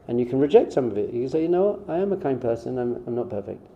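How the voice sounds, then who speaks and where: A man's voice: medium pitch, big pitch swings, rapid-fire, dark tone. A man who is a rabbi, giving a conversational spiritual talk in an informal way and acting out short quoted exchanges. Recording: dull, muffled sound.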